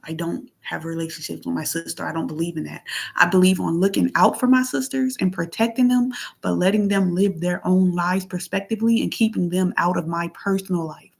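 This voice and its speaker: Aggrieved woman vlogger, lowish voice. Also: steady tone, fairly quick, vocal fry, a little mellow, slightly rough. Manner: reads out text messages and comments on them; plainspoken, aggrieved, repeats herself. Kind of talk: casual venting monologue.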